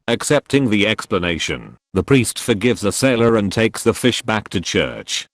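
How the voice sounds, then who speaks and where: A man narrating a compilation of jokes in an expressive storytelling manner. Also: fairly low pitch, moderate pace, dry recording. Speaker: joke narrator. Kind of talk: scripted joke narration.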